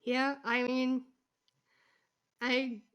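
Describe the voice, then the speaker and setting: A woman's voice: high-pitched, little pitch movement, drawn-out words, fairly bright tone, clear, resonant tone. A middle-aged woman co-hosting a casual podcast, telling the story animatedly with acted-out quotes. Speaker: podcast co-host.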